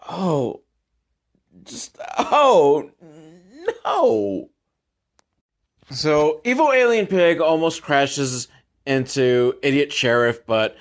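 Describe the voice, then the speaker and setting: A man hosting a podcast, recapping a bad movie in an exasperated, rambling, sarcastic way. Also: mid-range voice. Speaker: podcast host.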